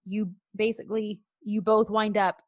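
A woman's voice: medium pitch, flat delivery, moderate pace, no room sound, studio quality. Chatty woman recapping a show. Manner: chatty, talks through scenes with fillers. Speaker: co-host reviewing a show. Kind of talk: casual chat.

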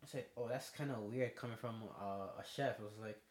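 A man's voice: mid-range voice, a little fast. Young guy on a podcast, acts out convos, echoey room. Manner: animated storyteller, acts out both sides of conversations. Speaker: podcast co-host. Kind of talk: casual chat. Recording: roomy echo.

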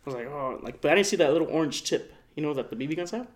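A man's voice: on the high side, animated, rapid-fire. Young man telling a rambling story. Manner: rambling, swears a lot, lots of "like". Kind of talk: casual chat.

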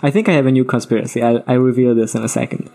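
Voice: mid-range voice, fairly even intonation, racing, mellow. A podcast co-host in casual chat, rambling with restarts and filler words. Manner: chatty, with frequent restarts and likes.

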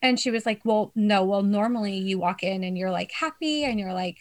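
A woman's voice: mid-range voice, normal speed. A young woman in casual chat with friends, telling a story with lots of swearing and laughter.

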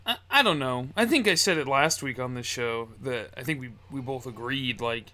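A man's voice: medium pitch, normal speed, sharp tone. A man co-hosting a casual wrestling podcast, rambling and joking with frequent laughs. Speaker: podcast co-host.

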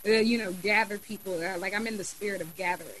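A young adult woman chatting casually on a podcast, telling a lively story with many fillers. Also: mid-range voice, quick pace, slight background noise, poor audio. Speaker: student government officer and podcast guest.

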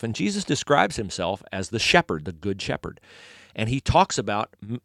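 Animated, conversational male preacher. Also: medium pitch, no echo, studio quality. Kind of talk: sermon.

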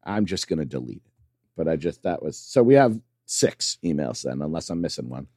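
A man co-hosting a casual podcast chat, animated and quick to laugh. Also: a bass voice, dry recording, studio quality. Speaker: podcast co-host.

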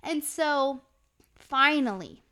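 A young woman telling a story in casual chat, animated and swearing constantly, laughing as she goes. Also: sits high, slow pace.

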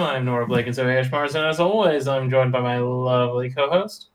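A man hosting a casual podcast, easygoing and quick to laugh. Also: fairly high pitch, lively intonation, music in the background. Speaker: podcast host.

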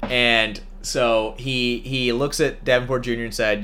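Podcast host, man, bright tone, animated casual recap, laughs easily. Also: mid-range voice, measured pace, a little hiss or hum. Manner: animated storytelling, laughs often. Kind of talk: casual movie recap chat.

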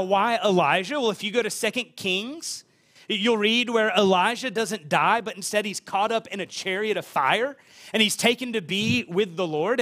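A man's voice: high-pitched, sharp tone. A man preaching a sermon in a conversational way, with casual asides and frequent repeated words. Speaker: pastor.

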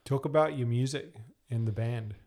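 A man's voice: medium pitch, moderate pace, darkish tone. A man hosting a casual interview, easygoing and encouraging, with short agreeing replies.

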